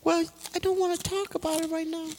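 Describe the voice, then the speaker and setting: A squeaky, childlike hired killer. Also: male voice, little pitch movement, a little mellow, slight background noise. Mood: rambling. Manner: halting, childlike, says "Mister" before every name. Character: odd, naive hired-killer kid, male. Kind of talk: improvised podcast comedy bit.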